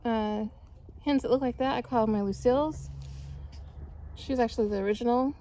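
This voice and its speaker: A woman vlogging casually outdoors in her backyard, cooing at her pets and turkeys in high baby talk. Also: moderate pace, warm tone, a little hiss or hum. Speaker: backyard poultry keeper vlogger. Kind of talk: casual vlog chat.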